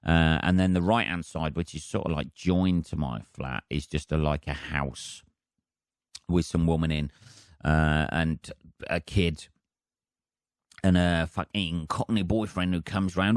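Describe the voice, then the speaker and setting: A man hosting his own podcast as a comedian, rambling through a casual solo monologue in a deadpan, heavily sweary way. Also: low-pitched, unhurried, no room sound, studio quality.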